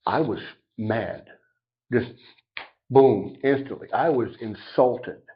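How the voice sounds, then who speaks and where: A middle-aged man on a podcast telling a personal recovery story, animated and acting out each side of the dialogue. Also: medium pitch, slow. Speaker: podcast guest. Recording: dull lo-fi sound.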